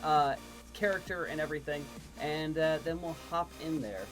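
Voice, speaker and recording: A man's voice: fairly high pitch, fairly even intonation, normal speed, music in the background. A man hosting a casual livestream as dungeon master, friendly and full of fillers, on a video call. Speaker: dungeon master and show host.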